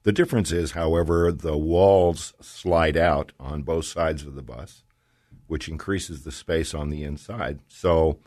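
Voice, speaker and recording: Older retired guy on a podcast, real low voice, lots of ums, laid back. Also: no echo, studio quality. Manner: relaxed and halting, with many fillers. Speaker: guest. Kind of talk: casual interview.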